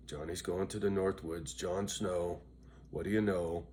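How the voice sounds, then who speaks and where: A man's voice: low-pitched, fairly even intonation, measured pace, dark tone, a little hiss or hum. A tired, loopy middle-aged man vlogging to his viewers in a casual, rambling way, swearing freely and often asking "right?". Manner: profane, chatty, keeps asking "right?". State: worn out and loopy.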